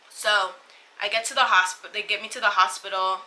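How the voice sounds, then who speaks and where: Her mid-range voice stays steady yet sharp as she talks at a normal speed, though the recording is rough. The young woman vlogs about a personal experience, rambling emotionally with plenty of fillers and false starts.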